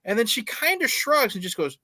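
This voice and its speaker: A man with a high, bright voice retells favourite movie scenes, laid-back and swearing now and then. The sound is dry, with no room echo. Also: sing-song, fairly quick. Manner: laid-back storyteller, swears, lots of "you know". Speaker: podcast co-host. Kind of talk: casual film discussion.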